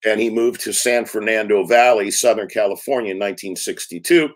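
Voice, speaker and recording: A man in his sixties, a film director, telling lively anecdotes in an interview and acting out quotes. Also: fairly low pitch, brisk. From United States. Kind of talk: storytelling interview talk.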